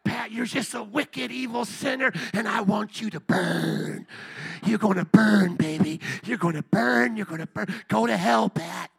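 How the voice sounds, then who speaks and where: A man acting out an angry person who shouts mocking threats of hell at a sinner. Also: sits high, a little slow, gravelly, slightly rough, exaggerated voice. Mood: furious mocking.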